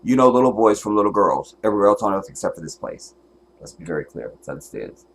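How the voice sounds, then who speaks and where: A man's voice: lowish voice, expressive, fast, a little hiss or hum. A man hosting a livestream and giving commentary in an angry, profane, emotional rant, at times close to tears. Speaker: livestream host.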